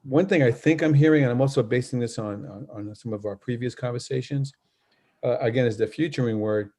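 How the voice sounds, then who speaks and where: A man's voice: mid-range voice, brisk, darkish tone. A man hosting an interview who praises his guest effusively and stammers and repeats words as he talks. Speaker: host. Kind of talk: interview chat.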